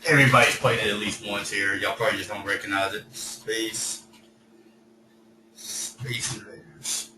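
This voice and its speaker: A man teaching an online coding class in a relaxed, chatty, jokey way, his voice starting to go hoarse. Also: lowish voice, racing, hardly any pauses, reverberant, far from the mic, noisy background. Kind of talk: casual teaching over video call.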